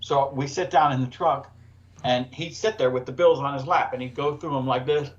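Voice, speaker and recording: A man's voice: mid-range voice, a little fast, dull audio. A man telling a profane work story on a casual podcast, laughing through his own punchlines. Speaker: podcast co-host.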